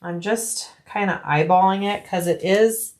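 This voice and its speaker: A woman narrating a casual sewing tutorial, explaining each step in a relaxed, practical way and thinking aloud with frequent ums. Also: mid-range voice, unhurried. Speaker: bag-making tutorial host.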